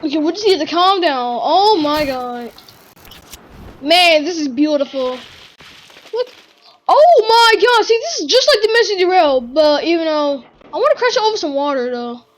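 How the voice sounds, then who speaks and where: A woman giving excitable gaming commentary, full of gasps and exclamations. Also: sits high, normal speed, rough recording. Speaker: gamer.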